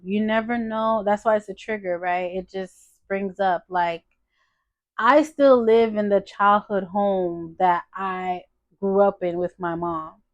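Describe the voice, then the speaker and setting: A woman's voice: medium pitch, no echo. Earnest woman vlogger giving heartfelt advice. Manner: earnest and encouraging, turning lively and emphatic with laughs. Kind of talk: personal advice talk. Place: bedroom in her home.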